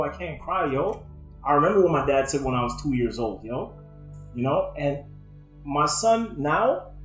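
A man's voice: medium pitch, roomy sound, low-quality recording. A man in his thirties talking earnestly and emotionally about fatherhood, with casual slang, in a candid podcast conversation. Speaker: guest.

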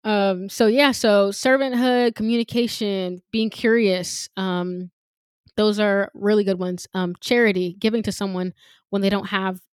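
A woman's voice: mid-range voice, steady tone, unhurried, clean tone, dry recording. Reflective woman podcast host, dry sound. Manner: reflective, thinks aloud with light laughs. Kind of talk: casual chat.

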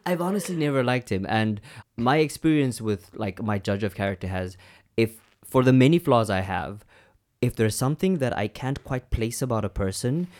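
A young man co-hosting a podcast in casual chat, candid and animated, swearing and laughing often. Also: mid-range voice, moderate pace. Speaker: podcast co-host.

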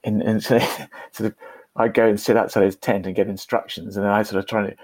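A man's voice: fairly low pitch, level tone, a little fast, a little mellow, dry recording. A man, a podcast guest, telling a personal story in a chatty, self-deprecating way with frequent restarts. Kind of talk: conversational storytelling.

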